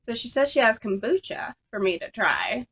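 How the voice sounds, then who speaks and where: Bright, chatty young woman vlogging. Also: on the high side, moderate pace, slight background noise. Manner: chatty and animated, full of fillers. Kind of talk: casual storytime. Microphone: camera on a tripod.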